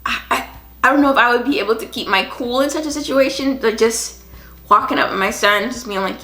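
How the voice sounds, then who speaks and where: Woman faith podcast host, earnest and reflective, bright and a bit high, echoey room. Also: fairly quick. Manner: earnest and reflective, with frequent restarts. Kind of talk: Bible reading with personal commentary. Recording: echoey room with faint music.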